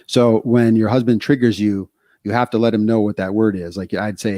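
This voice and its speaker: A man's voice: fairly low pitch, steady tone, moderate pace, dark tone, no room sound, studio quality. A middle-aged man from the United States co-hosting a podcast, telling candid stories with lots of fillers. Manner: candid storytelling with many fillers. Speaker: podcast co-host. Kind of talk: casual podcast talk.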